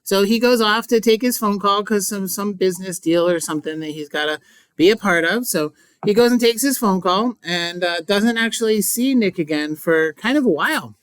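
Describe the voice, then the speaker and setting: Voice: medium pitch, normal speed, a bit bright, smooth, no room sound. A teacher giving a casual, chatty recap of a book chapter, full of asides and playful remarks. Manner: playful, mock-dramatic. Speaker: English teacher.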